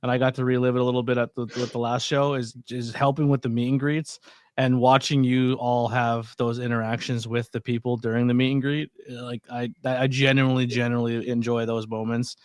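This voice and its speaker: A man telling stories on a podcast, recorded dry and close with no room sound. His voice sits in a middle pitch, and he acts out the quotes in his anecdotes. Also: a little fast, smooth, no room sound. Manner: animated storyteller acting out quotes. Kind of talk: casual podcast chat.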